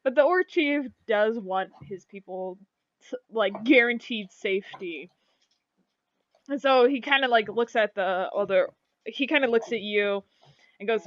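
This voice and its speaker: A woman's voice: on the high side, measured pace, no room sound, muffled recording. A woman running a tabletop game as game master, talking in a rambling way with many fillers.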